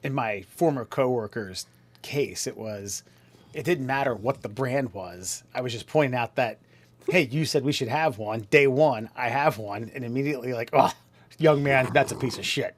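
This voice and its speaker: A man's voice: mid-range voice, moderate pace, a little hiss or hum. A man co-hosting a podcast, telling work stories in a playful way and acting out the people in them. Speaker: podcast co-host. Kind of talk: casual chat, storytelling.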